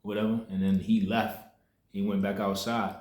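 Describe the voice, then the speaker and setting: A man's voice: fairly low pitch, level tone, moderate pace, a little mellow. A young man telling a personal story in loose street slang, rambling with restarts as he shares a spiritual lesson. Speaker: spiritual content creator. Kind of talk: casual spoken storytelling. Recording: echoey room.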